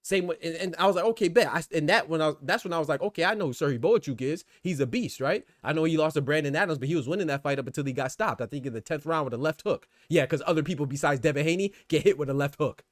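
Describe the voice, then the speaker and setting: A man's voice: a little high, rapid-fire, few pauses, no room sound, studio quality. A young adult man hosting a boxing podcast, giving emphatic, slangy opinions with lots of restarts and repeated words. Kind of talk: casual opinionated commentary.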